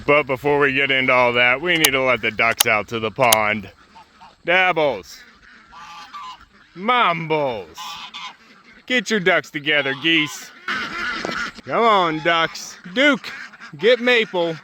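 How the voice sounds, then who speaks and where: A man's voice: mid-range voice, expressive, slow pace, pauses often, background noise. A man vlogging from his homestead outdoors, chatting casually and coaxing his ducks, geese and turkeys along. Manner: coaxing, chatty talk to farm birds. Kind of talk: casual vlog narration. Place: outdoors on a farm yard and pasture.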